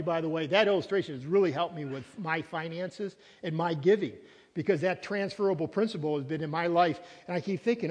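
A man's voice: high voice, darkish tone. A man preaching a sermon as pastor, earnest and emphatic, repeating key words. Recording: reverberant hall, long echo.

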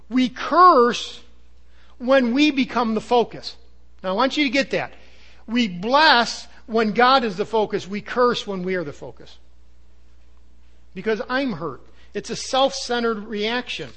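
Man, pastor, high voice, emphatic sermon delivery. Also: lively intonation, unhurried. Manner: earnest, emphatic preaching with sudden drops to a low hush.

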